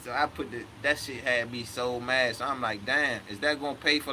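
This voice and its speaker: A man's voice: mid-range voice, fairly even intonation, normal speed, sharp tone, a little hiss or hum, poor audio. A man in his thirties telling a story in a heated, profane way, often quoting himself. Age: 30s. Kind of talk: casual storytelling rant.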